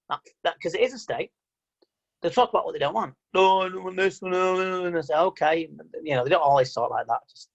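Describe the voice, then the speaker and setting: A man giving an online mind-coaching talk, chatty and animated, acting out what people say. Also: high voice, slightly rough, dull audio. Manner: animated, chatty, quotes people in mock voices. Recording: video call audio.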